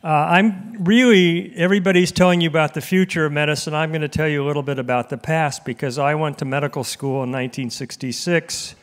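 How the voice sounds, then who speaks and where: A man in his seventies, an emeritus professor giving a conference talk to a live audience in an auditorium, telling a self-deprecating anecdote in a relaxed way. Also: on the high side, a little fast, few pauses. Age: 70s. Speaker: guest speaker, emeritus professor.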